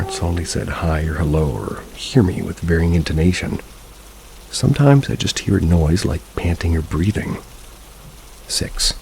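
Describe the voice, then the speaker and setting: A man narrating scary reader-submitted stories in an even, measured reading. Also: deep voice, gravelly, slight background noise, rough recording. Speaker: horror story narrator.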